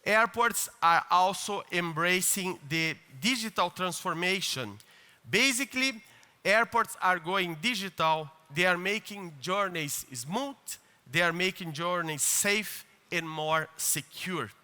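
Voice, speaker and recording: A man delivers an earnest keynote in a large conference hall. His voice sits high and sounds very bright. A long hall reverb trails each phrase. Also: takes it slowly, smooth. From Brazil. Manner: earnest, with hesitant fillers and restarts. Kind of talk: formal conference speech.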